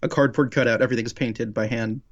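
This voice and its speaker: A man's voice: medium pitch, fairly even intonation, fast, no room sound. A man co-hosting a podcast, a screenwriter, chatting enthusiastically about a cartoon and laughing often. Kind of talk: casual chat recapping an episode. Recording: slightly dull lo-fi audio.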